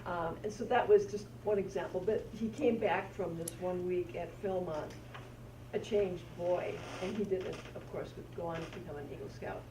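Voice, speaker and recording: A woman in a workshop telling a story about a boy, halting and restarting as she goes. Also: on the low side. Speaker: workshop participant sharing a story. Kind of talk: telling an anecdote. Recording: distant voice in an echoey room, clear noise.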